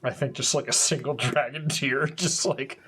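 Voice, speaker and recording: A man's voice: medium pitch, steady tone, normal speed, bright, forceful tone, a little hiss or hum. A man playing a tabletop game, describing his character's dream hesitantly with many fillers. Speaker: player. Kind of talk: tabletop game role-play chat.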